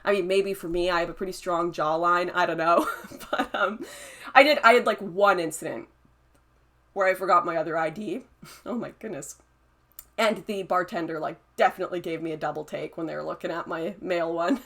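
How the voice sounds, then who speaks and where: A woman's voice: on the low side, a little fast, a bit bright. Chatty young woman livestreamer. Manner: chatty, laughs often, answers chat comments. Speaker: livestream host reading chat. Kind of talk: casual livestream chat.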